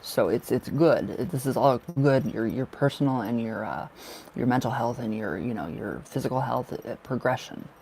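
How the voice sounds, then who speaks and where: A man's voice: mid-range voice, moderate pace, gravelly, darkish tone, slight background noise. A man giving tarot card readings on a casual livestream, affectionate and gushing, laughing often as he chats to viewers. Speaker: tarot reader.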